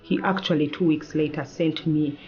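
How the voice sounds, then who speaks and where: A woman lawyer, a guest in an interview, telling a personal story in an animated way and acting out the lines of the people in it. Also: sits low, moderate pace, highs cut off, a little hiss or hum. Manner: animated, acts out quoted dialogue.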